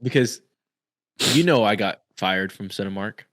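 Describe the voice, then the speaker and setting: Low-voiced, teasing podcast co-host man. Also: normal speed, fairly bright tone. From Texas. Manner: teasing, laughs easily. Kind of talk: casual chat.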